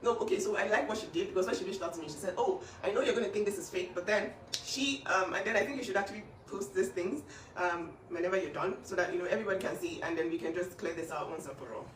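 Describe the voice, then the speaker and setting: A woman's voice: lowish voice, fast, hardly any pauses, reverberant, recorded from a distance, a little hiss or hum. A woman speaking up for her younger sister in an emphatic, insistent casual talk. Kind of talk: emotional casual talk to camera.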